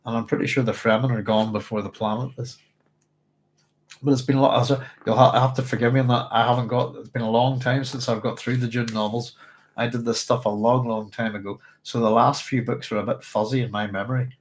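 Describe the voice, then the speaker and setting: A man hosting a relaxed book discussion, his voice sitting at an ordinary middle pitch. He wanders through his thoughts, stops to correct himself and fills gaps with an easy "um". Half reading, half chatting. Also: fairly quick, a little hiss or hum. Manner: thoughtful, rambling, with frequent fillers and self-corrections. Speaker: book club host. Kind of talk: casual book discussion with read-aloud passages.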